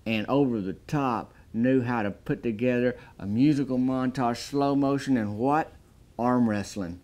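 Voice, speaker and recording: A man giving a deadpan comedic movie review, talking in a folksy drawl and building up exaggerated hype. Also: medium pitch, measured pace.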